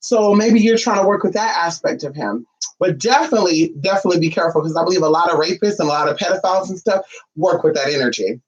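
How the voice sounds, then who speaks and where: Brash, sassy vlogger talking straight to viewers: profane, leaps into shrill outbursts, muffled and set back from the mic. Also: animated, quick pace, slightly rough. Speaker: spiritual vlogger. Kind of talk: casual chat to viewers. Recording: distant, dull lo-fi sound.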